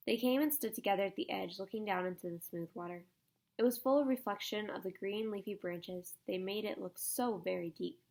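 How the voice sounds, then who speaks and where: Gravelly-voiced woman reading a storybook. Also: mid-range voice. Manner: soft, measured storytelling. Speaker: audiobook narrator. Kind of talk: storybook narration.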